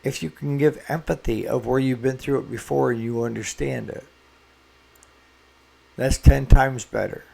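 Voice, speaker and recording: Gravelly man giving folksy shop advice. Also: mid-range voice, darkish tone. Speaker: small engine repair shop owner. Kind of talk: casual talk to camera.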